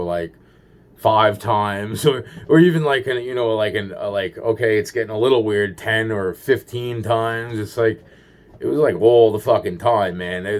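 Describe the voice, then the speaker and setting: New guy ranting about weird stuff, swears a ton, lowish voice, keeps restarting. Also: darkish tone. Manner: swears constantly, restarts and trails off; paranoid, storytelling tone. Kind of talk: rambling personal monologue.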